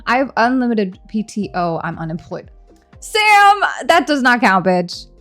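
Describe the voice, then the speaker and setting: A woman streamer chatting casually with her viewers, animated and teasing, laughing often, while she eats. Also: on the high side, measured pace, soft background music. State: hungry, eating during stream. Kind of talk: casual live-stream chat.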